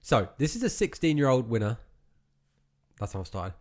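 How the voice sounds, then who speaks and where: A man's voice: medium pitch, big pitch swings, moderate pace. A man from England co-hosting a podcast, chatting casually and acting out people he quotes. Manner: chatty storyteller, acts out quotes. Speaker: podcast co-host. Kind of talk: casual chat.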